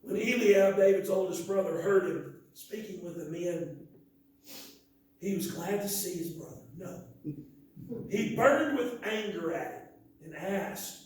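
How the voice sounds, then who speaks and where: A man's voice: high voice, unhurried. A man preaching a sermon in a church, reading scripture emphatically with chatty asides. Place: church sanctuary. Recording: echoey hall from a distance.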